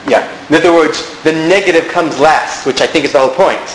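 A man with a fairly high voice teaches a Bible class, laying out his reasoning step by step and turning to his students with questions. He sounds like he's in an echoey classroom, with a little noise in the background. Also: fairly quick, fairly bright tone. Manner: explanatory, asks the class questions.

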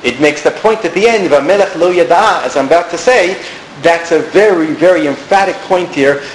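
A man's voice: on the high side, a little fast. A man teaching a Bible class, explaining step by step and putting questions to his students. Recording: echoey room, some background noise.

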